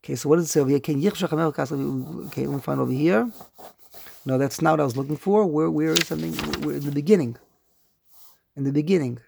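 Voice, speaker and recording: A man teaching a religious class to a group, emphatic and animated, slowly chanting quoted verses and asking pointed questions. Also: a little high, vocal fry, slightly rough. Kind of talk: religious study lecture.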